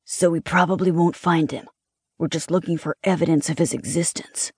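A fearless young thrill-seeker, as a woman narrator puts him on, speaking low and husky in a hushed, conspiratorial manner. His tone is dark and mellow, and the audiobook recording is dry and close. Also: fairly even intonation, normal speed, no room sound. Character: fearless thrill-seeking young man, playfully spooky. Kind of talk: audiobook character voice.

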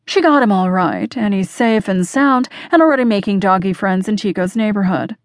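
A woman's voice: mid-range voice, moderate pace, no echo, close to an everyday voice. A woman reading an audiobook and voicing a playful, nosy young man who teases his close friend in a chatty way. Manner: teasing, chatty. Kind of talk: audiobook character dialogue.

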